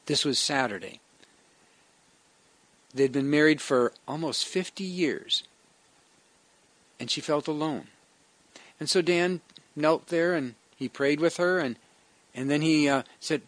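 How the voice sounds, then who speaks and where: A male pastor speaks in an earnest, conversational way, restarting phrases as he goes. His voice sits a little high for a man. The recording is dry and close, with no room sound. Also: normal speed, a bit bright, no echo. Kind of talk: devotional sermon with prayer.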